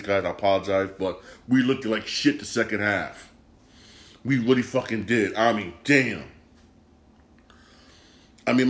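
A frustrated man talks through a football loss on his own sports podcast, swearing freely and circling back over the same points. His voice sits at an ordinary middle pitch, and his disgust stays plain the whole way. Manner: frustrated, swears often, repeats himself. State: upset and disgusted. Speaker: podcast host. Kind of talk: casual sports rant.

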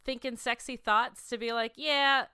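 A woman's voice: a little high, lively intonation, moderate pace, bright, forceful tone, smooth, dry recording, studio quality. A young woman co-hosting a comedy podcast, chatting casually in a giggly, outspoken way. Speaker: podcast co-host.

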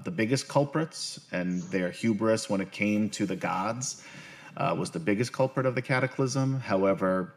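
A man's voice: low-pitched, gravelly. A man narrating a tabletop game as game master, rambling with lots of fillers. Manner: rambling, full of fillers, upbeat sign-offs.

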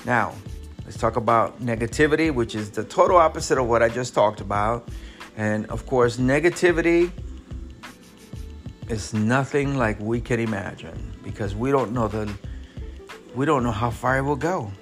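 A man's voice: mid-range voice, normal speed, soft background music. Earnest man giving a wellness talk. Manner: earnest and emphatic, lists points, drops to soft tones. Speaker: wellness speaker. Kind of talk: motivational talk with storytelling.

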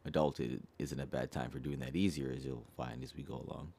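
A man with an extremely low, deep voice reads a self-help book aloud. His delivery is steady and earnest, and he poses each question directly to the listener. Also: brisk, gravelly, breathy edge. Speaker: audiobook reader.

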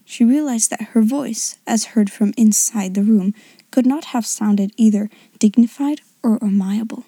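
A woman reading a classic novel aloud as an audiobook narrator, in an even, measured manner. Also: a little high, husky, no room sound. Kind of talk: scripted narration.

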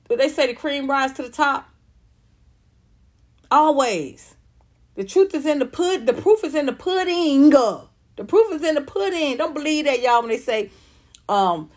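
A woman in her fifties, a comedian, ranting to viewers on a livestream, profane, repetitive and fired up. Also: a little high. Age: 50s.

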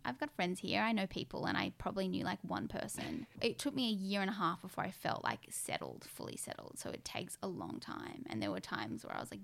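A woman's voice: on the low side, creaky, fairly bright tone. A woman, telling stories in a chatty interview and saying "like" a lot. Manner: chatty, storytelling with lots of "like". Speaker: guest, brand co-founder. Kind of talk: casual interview chat.

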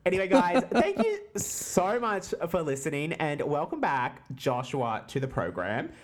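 A woman's voice: low voice, wildly swooping pitch, unhurried. A woman hosting a casual wrestling podcast, teasing and swearing freely, often laughing. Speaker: podcast host.

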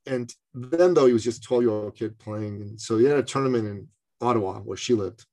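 A middle-aged man from Canada telling a personal story in conversation, animated and acting out the voices of others. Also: medium pitch, brisk. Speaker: speaker and business coach.

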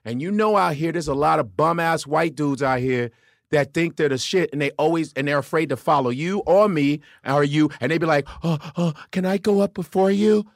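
A man's voice: fairly high pitch, a little fast, gravelly, dry recording, studio quality. A male comedian, talking loosely in a podcast chat and slipping into mocking voices. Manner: animated, profane, does mocking voices. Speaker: comedian guest.

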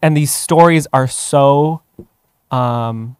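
A man's voice: mid-range voice, extremely slow, smooth, dry recording. Curious male podcast host asking questions. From outside the United States. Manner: curious, gently probing questions. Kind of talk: interview conversation.

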